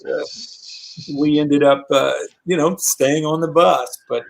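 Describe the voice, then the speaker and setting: A man telling a tour story in a casual interview, animated and acting out the voices of people in it. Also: a little high, takes it slowly, vocal fry, low-quality recording. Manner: animated, acts out voices in quotes. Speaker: guest musician.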